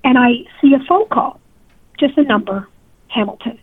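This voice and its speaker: Woman caller, shaken and near tears, high voice, phone-line sound. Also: animated, normal speed, breathy edge, no room sound. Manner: upset, tearful storytelling. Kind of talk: telling a personal story to a radio host. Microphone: telephone. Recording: tinny phone line, dry.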